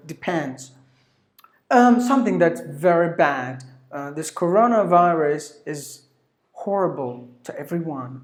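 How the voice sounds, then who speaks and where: A woman with a somewhat low voice teaches English pronunciation, saying each word again and again. She spells words out letter by letter in an echoey room. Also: measured pace, darkish tone. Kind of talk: pronunciation lesson.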